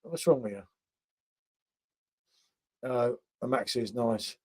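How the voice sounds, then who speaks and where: A man's voice: medium pitch, lively intonation, slow pace, husky. A man hosting a casual beer review livestream, chatting with viewers by name and tagging questions onto his sentences. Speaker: beer review channel host.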